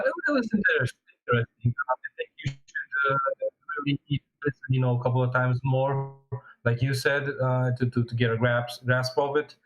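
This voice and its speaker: A man's voice: mid-range voice, highs cut off. A man giving a short, hesitant song review full of fillers. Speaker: panelist. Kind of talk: casual music review chat.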